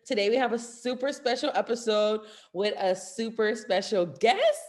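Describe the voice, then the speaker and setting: A woman's voice: on the high side, sing-song, normal speed, a little mellow. Bubbly woman podcast co-host. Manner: bubbly, laughs often. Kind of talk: casual chat.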